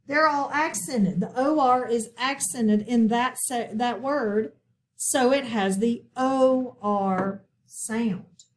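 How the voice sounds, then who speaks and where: A woman's voice: a little high, slow, a little hiss or hum. A woman teaching a recorded phonics lesson, patient and checking in often with her listeners.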